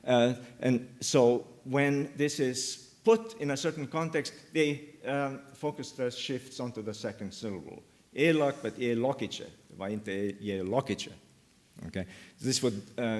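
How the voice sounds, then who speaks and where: A man giving an academic linguistics talk at a workshop, speaking with many ums and pauses. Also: mid-range voice. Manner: slow, many ums and uhs, pauses mid-phrase. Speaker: linguistics lecturer. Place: lecture hall.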